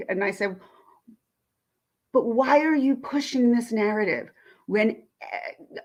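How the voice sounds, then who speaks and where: A woman's voice: medium pitch, slow, pauses often, a little mellow. A woman vlogger, indignantly retelling a phone call in a ranting commentary.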